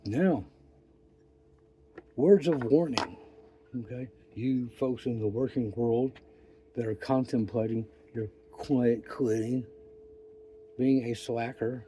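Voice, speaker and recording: An older man telling a rambling story in a profane, folksy, wry way, with pauses and restarts. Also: medium pitch, warm tone, a little hiss or hum. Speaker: vlogger. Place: outdoors.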